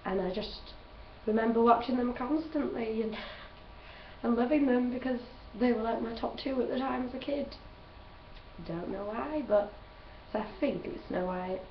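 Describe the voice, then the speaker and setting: A woman's voice: a little high, moderate pace, slight background noise. A young woman vlogging in a chatty, gushing way and laughing often as she answers questions. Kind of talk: casual chat. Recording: roomy, distant, dull home recording.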